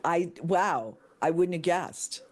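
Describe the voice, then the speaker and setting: A woman in casual podcast chat, excitable and gushing, now and then shrieking with delight. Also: fairly low pitch, takes it slowly. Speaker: podcast guest.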